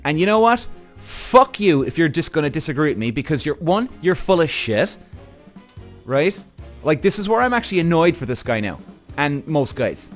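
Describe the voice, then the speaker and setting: A man hosting a podcast, telling a story in an animated, swearing rant aimed straight at his listeners. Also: fairly high pitch, normal speed, faint music behind. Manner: animated, addresses audience directly, frequent swearing and acted-out quotes. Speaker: podcast host.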